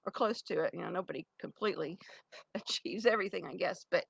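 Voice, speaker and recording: A woman's voice: fairly low pitch, fast, creaky, breathy edge, poor audio. A middle-aged woman talking straight to camera in a rambling, pleading monologue with many restarts and fillers, close to tears. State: near tears. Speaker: vlogger addressing her ex. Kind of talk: emotional direct-to-camera monologue.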